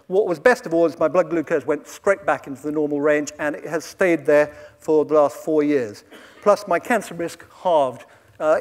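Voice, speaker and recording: A British man in his late fifties giving a wry, conversational live talk with slides and asides to the audience, in a lecture hall. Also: a little high. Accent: British English. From Britain.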